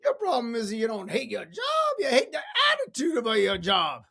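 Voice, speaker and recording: A man doing a rough impression of an upbeat older motivational speaker, asking coaxing questions in a raised voice. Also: huge pitch swings, normal speed, exaggerated voice. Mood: rousing. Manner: high, bright, coaxing questions.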